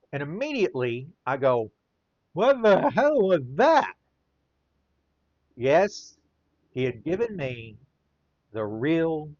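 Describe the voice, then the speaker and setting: A man spins a casual anecdote while he works on a drawing, chuckling as he goes. He talks slowly, and his pitch leaps high and drops low. The sound is dry and a bit dull, like a muffled home recording. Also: dry recording. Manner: chuckles often, lively rise and fall. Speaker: artist and storyteller.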